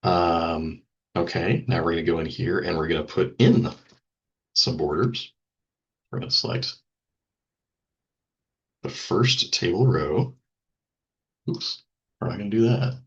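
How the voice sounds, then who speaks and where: A man teaching a software lesson over a screen recording, thinking aloud with ums and small self-corrections. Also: deep voice, a little slow, long pauses, highs cut off. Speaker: instructor.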